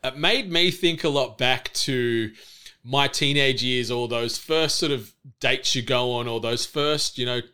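A man talking casually on a podcast, recapping an episode with enthusiasm and frequent fillers. His voice is bright and forward. Every word is crisp and smooth. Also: mid-range voice, unhurried. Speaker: podcast co-host. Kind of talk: casual chat.

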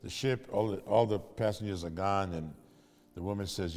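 A man's voice: on the low side, moderate pace, darkish tone, big-room sound, soft background music. A man preaching in storytelling style, conversational and asking his audience questions. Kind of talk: sermon storytelling.

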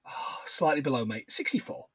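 A man's voice: medium pitch, very animated, normal speed, a bit bright, slightly rough, dry recording. A man co-hosting a film podcast, chatting casually with playful banter. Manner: banter-heavy, playful sign-off patter. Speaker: podcast co-host.

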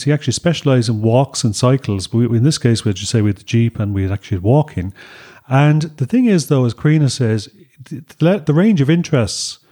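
A man's voice: mid-range voice, mellow. A man talks easily through a travel chat, speaking straight to his listeners. He is recorded outdoors on a beach, and his delivery stays loose and conversational. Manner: chatty, addresses listeners as folks. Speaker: travel show co-host.

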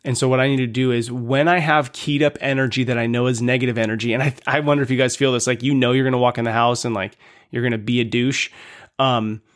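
A man's voice: medium pitch, steady tone, fast talker. A man in his thirties hosting a podcast, talking earnestly and casually to listeners, asking them lots of questions. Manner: earnest, conversational, asks listeners many questions. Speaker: podcast host. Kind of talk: casual motivational monologue.

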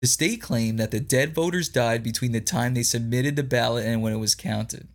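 A man's voice: mid-range voice, moderate pace. A man hosting a political commentary podcast, reading news aloud and reacting in an incredulous, ranting way, repeating lines for emphasis.

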